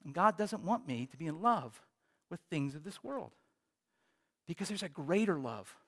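A male pastor preaching a sermon, telling a personal story in an animated way with big swings in volume. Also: on the high side, normal speed.

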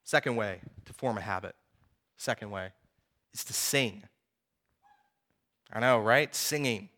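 A man in his thirties preaching a sermon, telling personal stories in a lively, conversational way with frequent asides to the audience. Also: on the low side, a little slow. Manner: animated storytelling, conversational asides.

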